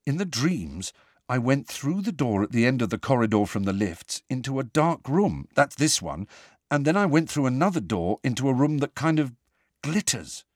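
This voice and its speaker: A man reading aloud voices a determined teenage boy who speaks forcefully and urgently. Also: mid-range voice, very animated, normal speed, no room sound, clean studio sound, voice pushed up. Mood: uneasy.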